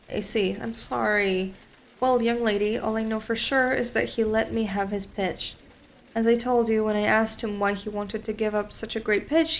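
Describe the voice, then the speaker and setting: A woman's voice: fairly high pitch, close to an everyday voice. A woman voicing a fussy, talkative old male bookseller while reading a visual novel aloud, her manner chatty and a little salesy.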